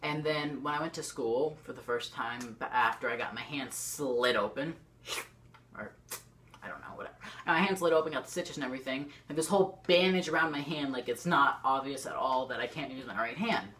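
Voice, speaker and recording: A teenage YouTuber with a low, deep-set voice tells a storytime to the camera facing her, talking briskly with few pauses over a little hiss or hum. She rambles in excitable bursts, with plenty of "like" and restarted sentences.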